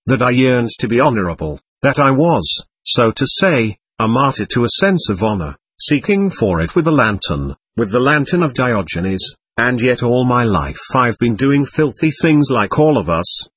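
A man reading an agitated, proud young man who pleads and protests with passion. The voice is husky and swings widely in pitch, heard close and dry as in an audiobook. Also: very animated, a little slow, a bit bright, no room sound, heavily acted. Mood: anguished. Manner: impassioned, pleading, emphatic.

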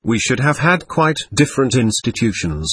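A man's voice: mid-range voice, big pitch swings, moderate pace, fairly bright tone, husky, no room sound. A man voicing a bitter, scornful young servant. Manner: curt, bitter and resentful. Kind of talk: audiobook character reading.

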